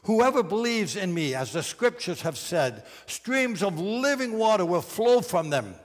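A man preaching a sermon as pastor, emphatic and deliberate, slowing down to stress key phrases. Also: sits high, sing-song, in a large hall.

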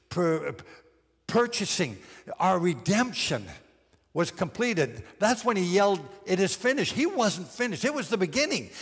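A male pastor delivering a sermon in a high, animated voice that swings widely in pitch. He slows down and presses on the key phrases with emphatic, deliberate preaching. His voice trails off into a long reverb. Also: slightly rough.

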